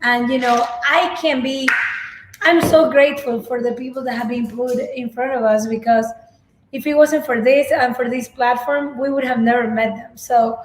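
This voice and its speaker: High-voiced earnest woman, echoey room. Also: steady tone, moderate pace, slight background noise. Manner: earnest, grateful, repeats herself. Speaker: co-host. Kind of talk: casual video talk to viewers. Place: home.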